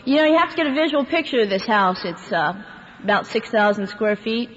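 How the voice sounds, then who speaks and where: A woman's voice: a little high, animated, brisk. Woman giving a candid, laugh-filled recovery share in a roomy hall, muffled recording with faint background hiss. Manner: candid storyteller, laughs through the telling. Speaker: speaker sharing a recovery story. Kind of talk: personal testimony to a recovery meeting. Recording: echoey hall, dull lo-fi sound, faint background noise.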